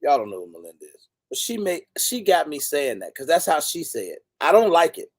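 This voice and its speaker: A man's voice: fairly high pitch, big pitch swings, brisk, no echo. A man hosting a casual livestream, laid-back, greeting viewers by name. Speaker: livestream host. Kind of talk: casual live chat.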